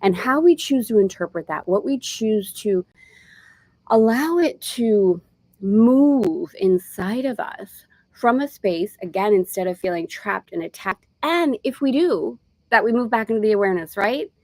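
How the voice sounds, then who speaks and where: A woman teaching a live spiritual lesson in a relaxed, conversational way. Her voice sits in a middle pitch range. The sound is close and dry. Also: a little slow, no room sound, rough recording. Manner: warm chatty asides, breaks into laughter. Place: travelling in Greece, indoors.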